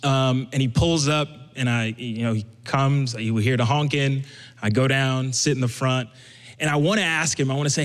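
A man's voice: medium pitch, moderate pace. Young man telling a story in a hall. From Brooklyn, USA. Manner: conversational, animated quoting. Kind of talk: live storytelling. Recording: echoey hall.

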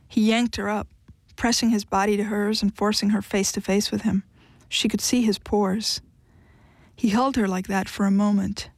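A woman giving an audiobook narration in an even, measured storytelling manner. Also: mid-range voice, no echo.

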